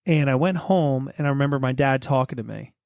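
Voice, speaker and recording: A man's voice: mid-range voice, brisk, creaky, darkish tone, no room sound, clean studio sound. A man in his thirties and a father, hosting a casual podcast, asking questions and laughing easily with playful interjections. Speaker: podcast host. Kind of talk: casual chat.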